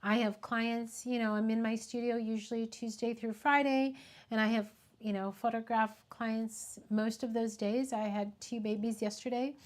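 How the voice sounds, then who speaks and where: A middle-aged woman who works as a photographer, speaking on a casual live stream in a heartfelt way, pausing often and fighting back tears. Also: fairly high pitch, fairly even intonation. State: tearful.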